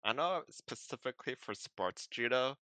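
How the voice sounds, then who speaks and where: A man chatting casually on a podcast, his voice bright and crisp, a touch low in pitch. He explains things in a relaxed way, full of ums and likes. The sound is dry and close. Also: moderate pace, no echo. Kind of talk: casual chat.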